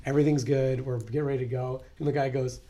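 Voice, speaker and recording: A man telling a story in casual chat, profane and animated, acting out other people's voices. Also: medium pitch, fast talker.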